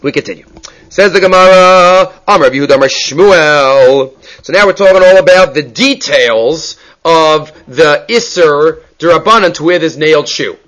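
A man teaching a daily Talmud class, animated and fond of rhetorical questions, mixing Hebrew terms into his talk. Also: on the high side, normal speed.

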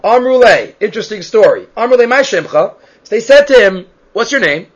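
Male Talmud teacher with a high pitch, recorded on dull, lo-fi audio. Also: big pitch swings, fairly quick. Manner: reads Hebrew and Aramaic phrases, then translates them. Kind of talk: explaining a Talmud text. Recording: muffled lo-fi recording.

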